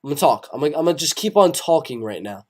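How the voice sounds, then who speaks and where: Young man, livestream host, slightly high voice, very lively pitch, rambling, repeats himself. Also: rapid-fire. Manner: rambling, repeats phrases, swears casually. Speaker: MMA live stream host. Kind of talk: casual live stream, reading chat.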